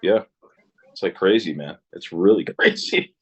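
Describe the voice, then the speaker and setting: A musician in his thirties, a guest in a casual interview, rambles through stories, swearing freely and laughing often. His low voice is unhurried and slightly rough, and the recording sounds muffled.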